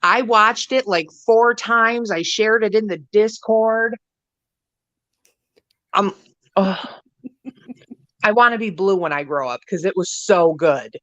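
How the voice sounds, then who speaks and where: A woman's voice: mid-range voice, takes it slowly, long pauses, no echo. Profane gossiping woman, dull lo-fi audio. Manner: profane, animated storyteller. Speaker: co-host of a livestream chat show. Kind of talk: casual gossip chat.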